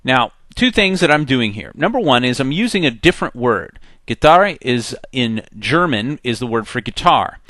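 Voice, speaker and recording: A man teaching a software tutorial in a conversational, step-by-step way. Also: medium pitch, sing-song, moderate pace, few pauses, no echo. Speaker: software instructor. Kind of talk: screen-recorded tutorial.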